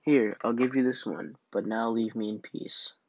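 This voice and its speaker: A man voicing a proud, vain male fish from a storybook, with a haughty, sharp manner. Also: medium pitch, steady tone, normal speed, lo-fi sound, a little hiss or hum, natural voice. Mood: grudging.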